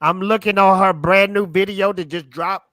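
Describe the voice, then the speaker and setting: A man's voice: high-pitched, steady tone, moderate pace, sharp tone, no echo. A man co-hosting a livestream, chatting casually and joking while he reads items aloud. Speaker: livestream co-host. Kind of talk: casual chat.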